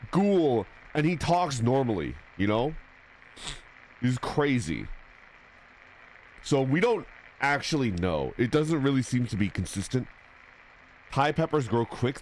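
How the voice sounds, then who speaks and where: A man's voice: a little high, slight background noise. A young man streaming a video game, chatting in a rambling, jokey way. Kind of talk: casual gaming commentary.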